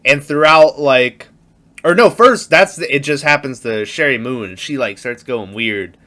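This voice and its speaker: A man in a casual movie podcast chat, talking in a bright, forceful voice. His pitch swings widely as he acts out scenes. He laughs often. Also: lively intonation, unhurried. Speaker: podcast co-host.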